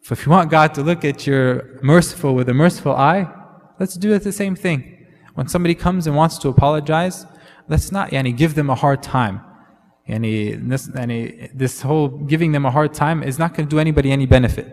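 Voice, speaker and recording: A man's voice: fairly high pitch, a little fast. Man, preacher, conversational sermon, Arabic fillers, long hall echo.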